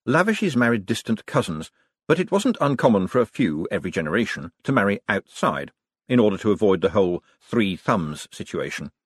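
A man narrating an audiobook in a wry, expressive storytelling manner. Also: lowish voice, breathy edge, no room sound, studio quality. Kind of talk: scripted narration.

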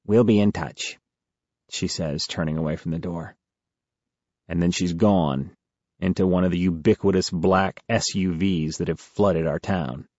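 Man reading a novel out loud, low gravelly voice, dull dry recording. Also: fairly even intonation, measured pace, no room sound. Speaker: audiobook narrator. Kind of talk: first-person novel narration.

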